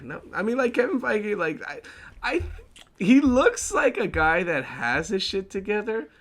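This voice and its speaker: A man's voice: high voice, very animated, unhurried, fairly bright tone. A young man hosting a casual chat show, rambling with fillers and restarts and laughing often. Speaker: podcast host.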